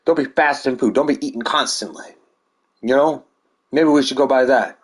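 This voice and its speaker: A man's voice: mid-range voice, moderate pace, husky. A man delivering a rambling, heated monologue full of swearing. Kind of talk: ranting monologue.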